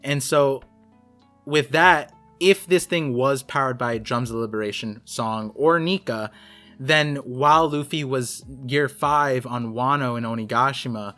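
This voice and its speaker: A man's voice: mid-range voice, unhurried, sharp tone, soft background music. A man talking as a guest in a casual chat, explaining in a rambling way with lots of fillers. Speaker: guest co-host.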